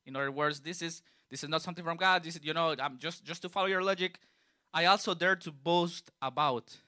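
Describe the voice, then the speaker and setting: A man's voice: fairly high pitch, brisk, bright, forceful tone, no room sound, clean studio sound. A man preaching a sermon in a conversational way, reading scripture aloud and then explaining it in plain, casual words. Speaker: youth preacher.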